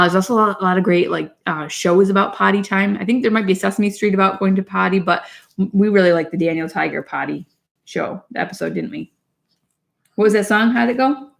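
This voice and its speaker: Young woman, mother, casual chat, rambling, gravelly voice, middle pitch. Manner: chatty, rambling with frequent side remarks. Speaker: mother giving parenting tips.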